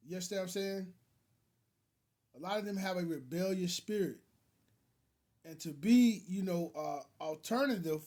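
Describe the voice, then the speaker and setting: High-voiced man rambling to his viewers. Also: darkish tone. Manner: rambling, many fillers and restarts, addresses viewers as brothers. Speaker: commentary video host. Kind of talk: casual reaction commentary.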